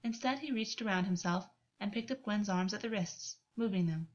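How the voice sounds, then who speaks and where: A woman reading a story aloud as narrator in an even, unhurried way. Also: medium pitch. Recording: dull lo-fi recording.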